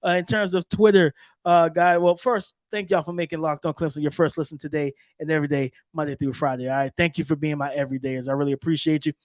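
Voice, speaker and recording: A man hosting a sports podcast, keyed up and repeating himself as he talks straight to his listeners. His voice sits a little higher than most men's. The sound is dry and close, with no room around it. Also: level tone, quick pace, no room sound. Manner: hyped, repetitive, talking straight to listeners. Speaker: podcast host.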